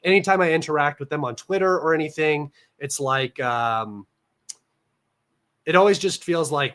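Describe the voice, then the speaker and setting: A man's voice: a little high, moderate pace, a bit bright. A young American man hosting a casual livestream from his room, rambling and chatty with lots of fillers, slightly nasal from allergies. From United States. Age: young adult. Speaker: livestream host.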